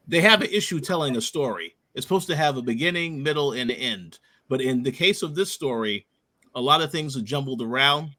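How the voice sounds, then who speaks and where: A man's voice: medium pitch, bright, forceful tone. A man co-hosting a podcast, laying out his criticism point by point in casual chat. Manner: deliberate, lays out points in order. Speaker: podcast co-host.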